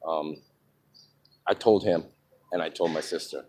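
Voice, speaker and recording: A man telling his own life story in a frank, halting way, pausing often with ums. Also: extremely low pitch, steady tone, a little mellow, low-quality recording. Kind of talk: candid personal monologue. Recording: outdoor traffic noise behind.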